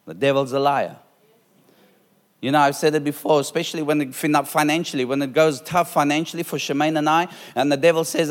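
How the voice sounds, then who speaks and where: A man's voice: fairly high pitch, brisk. A middle-aged man preaching to a live congregation, driving his points home with repeated phrases and rising force. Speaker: pastor. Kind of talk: sermon. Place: church hall with a live congregation. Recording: long hall reverb.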